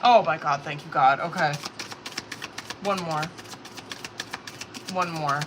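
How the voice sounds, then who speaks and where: Over background noise, a woman with a low voice speaks slowly while doing a live-stream tarot reading. She chats casually, swears a lot, and leans on filler words, growing nervous as she pulls each card.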